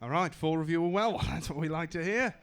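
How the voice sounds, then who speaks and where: A man with a slightly high voice performs a stand-up set on a club stage with a handheld mic. His delivery is wry and self-mocking, with punchy timing. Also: a little fast, a bit bright, clean tone. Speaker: stand-up comedian. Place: comedy club stage in New York.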